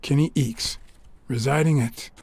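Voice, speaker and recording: Voicing a cool-headed 1950s private detective in a video game, a man delivers a dry, wry monologue. His mid-range voice is unhurried, creaky, darkish, and slightly rough.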